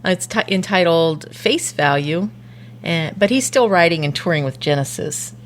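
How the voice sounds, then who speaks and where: Woman, teasing, playful, lively ups and downs, slightly low voice. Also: moderate pace, a little hiss or hum. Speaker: co-host, girlfriend. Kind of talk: casual comic chat.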